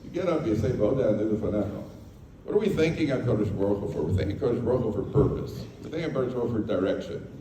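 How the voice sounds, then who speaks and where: An American rabbi delivers a Torah talk to a live audience in a lecture hall, his fairly low, mellow voice moving very fast and animated. He tells humorous stories, tosses in jokey asides, and acts out the dialogue. The recording is echoey, picked up by a distant mic, with slight background noise.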